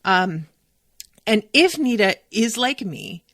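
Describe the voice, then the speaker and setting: A young adult woman hosting a solo book podcast, talking in a chatty, animated way and swearing freely. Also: mid-range voice, slow, dry recording, clean studio sound. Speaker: podcast host. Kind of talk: casual solo book discussion.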